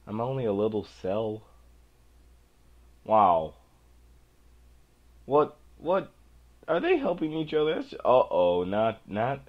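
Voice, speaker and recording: A young man giving excitable, jumpy let's play commentary as a gaming YouTuber. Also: lowish voice, slow, pauses often. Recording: dull lo-fi home mic.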